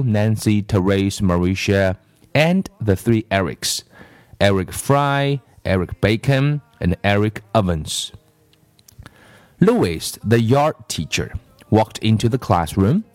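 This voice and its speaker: Man reading a kids story real slow, lowish voice, dry close sound. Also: darkish tone, no room sound. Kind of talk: reading a children's story aloud.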